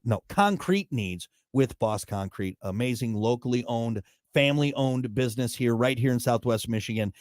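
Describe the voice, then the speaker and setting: A man's voice: mid-range voice, lively intonation, moderate pace, darkish tone, no echo, clean studio sound. A man in his thirties hosting a morning radio show, chatting casually with a joking, rambling, self-mocking manner. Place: radio studio.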